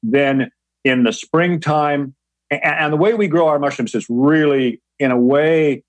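Halting man explaining patiently. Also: a little high, no echo, rough recording. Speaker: guest, mushroom grower. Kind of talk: explanatory interview talk.

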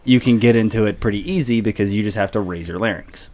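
A man's voice: lowish voice, fast, darkish tone. A man co-hosting a podcast, chatting casually about doing impressions with lots of fillers. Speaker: podcast co-host. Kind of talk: casual chat.

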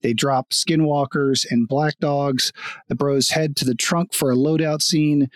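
A man's voice: fairly high pitch, steady tone, a little slow, dry recording. A man co-hosting a casual chat, recapping a TV episode in a loose, profane way with laughs mixed in. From Kansas. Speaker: podcast co-host.

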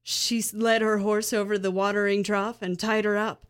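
A woman's voice: medium pitch, moderate pace, clear, resonant tone. Woman reading a story chapter aloud. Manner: steady, plain narration with small stumbles. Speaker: reader in a group read-aloud.

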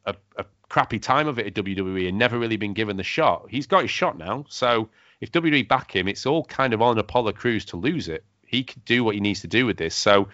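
A man hosting a casual wrestling podcast chat, talking quickly with lots of fillers and restarts. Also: mid-range voice, a bit bright, no room sound. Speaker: podcast host. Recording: dull lo-fi sound, dry.

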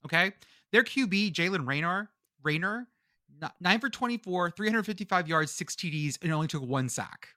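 Male podcast co-host, slightly high, bright and forceful, jokey and stumbling. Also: expressive, moderate pace, no room sound, studio quality. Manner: jokey, riffing, stumbles over words. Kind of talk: casual sports chat.

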